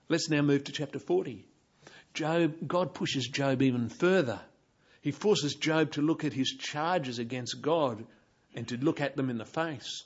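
A man's voice: fairly high pitch, measured pace, breathy edge, highs cut off. A man giving a Bible teaching, explaining passages and pointing his listeners to verse after verse.

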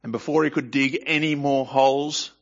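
A man's voice: medium pitch, fairly even intonation, normal speed, dull audio. A man reading scripture aloud and commenting on it in a conversational way, often asking the listener rhetorical questions. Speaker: Bible teacher.

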